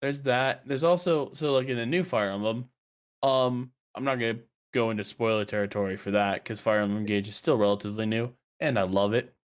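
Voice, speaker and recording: A man hosting a casual podcast chat about games, animated and swearing often, his voice jumping high when he rants. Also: brisk, smooth. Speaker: podcast host.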